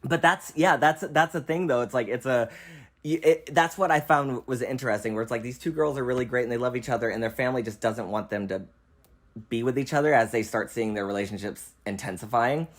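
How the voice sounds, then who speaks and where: A young man with a mid-range voice hosts a casual film chat. He's animated and laughs easily, swearing freely and acting out lines as he talks.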